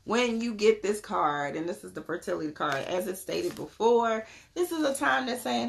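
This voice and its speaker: A young woman, giving an animated live tarot reading and greeting her viewers. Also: mid-range voice, moderate pace, vocal fry, few pauses, a little hiss or hum. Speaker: spiritual tarot card reader.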